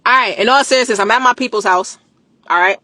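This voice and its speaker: A woman chatting casually on a live stream. She is animated, slangy and emphatic, repeats phrases for emphasis and laughs often. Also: a little high, quick pace, no echo. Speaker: livestreamer promoting a product.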